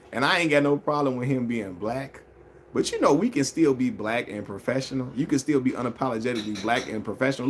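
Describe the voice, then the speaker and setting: Reading out viewer comments, a man talks basketball loosely on his casual live stream, full of slang, repeated phrases and frequent laughter. He has a mid-range voice, and the recording carries a little hiss or hum.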